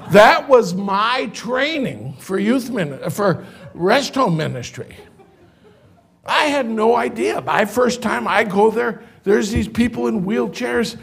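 An older man, a pastor, telling a personal story in a sermon, animated at first and later quiet and tender. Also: sits high, takes it slowly, gravelly, slightly rough.

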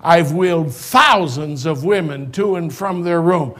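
An older man, a pastor, telling a personal story in a sermon, animated at first and later quiet and tender. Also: fairly high pitch, a little slow.

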